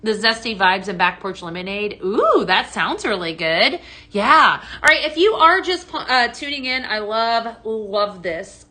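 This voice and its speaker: A woman's voice: medium pitch, pushed and bright. A woman hosting a casual live-stream product demo, chatting with viewers, greeting them by name and answering their questions. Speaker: home fragrance consultant hosting a live sales stream.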